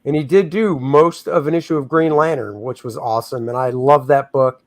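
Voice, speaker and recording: A man's voice: medium pitch, moderate pace. A middle-aged man hosting a casual livestream, joking with his co-host and reading chat comments aloud. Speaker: comic artist hosting a livestream.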